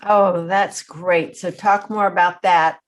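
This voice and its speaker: A woman's voice: on the low side, fairly even intonation, takes it slowly. A woman hosting a podcast interview, thinking aloud in a reflective, conversational way. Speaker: podcast host.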